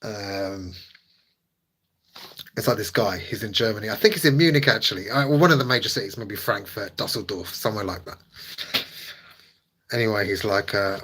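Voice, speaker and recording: Guy streaming and chatting w his viewers, husky voice, laughs a lot, teasing. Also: on the low side, moderate pace, long pauses, a bit bright, low-quality recording. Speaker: live streamer. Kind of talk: casual live-stream chat with viewers.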